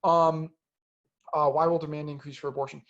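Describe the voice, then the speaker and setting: Researcher, male, slightly high voice, halting Q&A delivery full of fillers, muffled remote recording. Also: level tone. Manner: hesitant, many ums and restarts. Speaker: researcher answering audience questions. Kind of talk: webinar Q&A.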